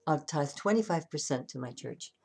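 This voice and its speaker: A woman's voice: low voice, expressive, moderate pace, mellow, slightly rough, full character voice. A woman voicing a desperate middle-aged man who pleads and bargains with God. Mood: pleading.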